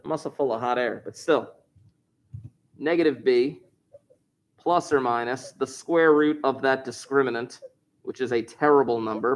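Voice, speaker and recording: A man teaching a math review lesson, chatty and jokey, thinking aloud as he works through problems. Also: mid-range voice. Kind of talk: recorded class review lesson.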